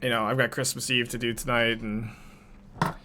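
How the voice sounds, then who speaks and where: A man streaming a card game, talking casually at a middle pitch. He reasons through each play aloud in a loose, chatty way. Every so often he turns to answer questions from his viewers. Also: flat delivery, brisk, pushed and bright, slight background noise. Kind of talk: casual live-stream gameplay commentary.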